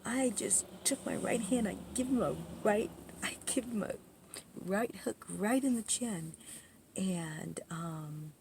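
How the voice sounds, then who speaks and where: Gravelly woman telling a rambling story. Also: mid-range voice, slow pace, slight background noise. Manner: rambling, full of "you know" asides and restarts; indignant, animated retelling. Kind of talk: casual personal storytelling.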